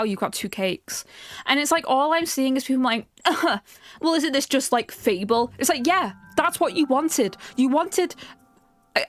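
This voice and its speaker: A young woman streaming a game, chatting casually and excitably, often ranting and laughing. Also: a little high. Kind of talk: casual live-stream chat while playing.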